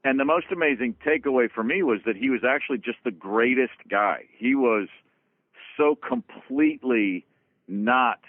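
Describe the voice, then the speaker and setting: A man, a guest drummer, tells road stories in an animated, casual way, swearing freely and restarting his sentences. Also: mid-range voice, dry recording. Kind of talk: casual storytelling interview. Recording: dry, phone-like lo-fi sound.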